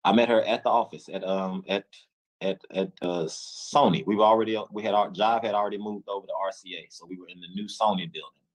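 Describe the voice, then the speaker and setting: A man from Memphis, telling his story as an interview guest, acting out dialogue with halting restarts. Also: on the low side, rough recording. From Memphis, USA. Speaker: interview guest, music executive.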